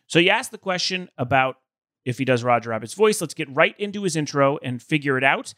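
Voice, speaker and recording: A man's voice: a little high, expressive, fairly quick, fairly bright tone, dry recording, clean studio sound. A man hosting a podcast in casual chat, enthusiastic and joking, sharing trivia. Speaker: podcast host.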